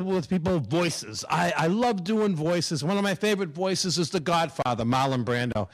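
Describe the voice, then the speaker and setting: A male stand-up comedian tells punchy stories about his Italian-American family. His voice is high for a man and jumps all over the place as he builds each joke. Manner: animated, punchy storytelling.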